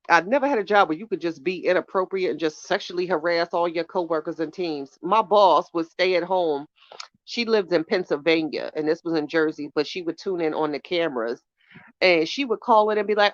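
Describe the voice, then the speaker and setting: A woman's voice: lowish voice, fairly bright tone, no room sound. A woman hosting a podcast, chatting casually with her live chat and telling gossipy stories in a blunt, profane way. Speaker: podcast host. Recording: dull lo-fi dry sound.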